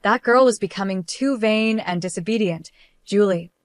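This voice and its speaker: A woman voicing a stern older mother-in-law who speaks calmly, coldly and with a superior tone. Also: medium pitch, normal speed, no echo, lightly acted. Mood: cold, scolding. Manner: calm, cold, superior.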